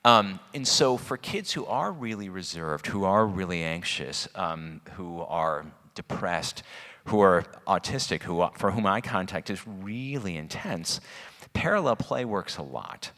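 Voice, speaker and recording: A middle-aged man speaking as a guest at a parent Q&A, chatty and animated, self-described as manic. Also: sits low, unhurried. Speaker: guest speaker on student stress. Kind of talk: informal parent-talk Q&A. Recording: long hall reverb.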